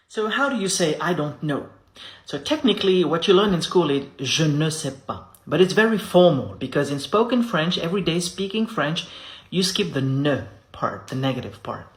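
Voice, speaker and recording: Brief: male language teacher, unhurried drilling delivery, echoey room. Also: on the high side, expressive, a bit bright. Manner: repeats each phrase slowly for practice; casual, chatty explanations. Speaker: French teacher. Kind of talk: beginner language lesson.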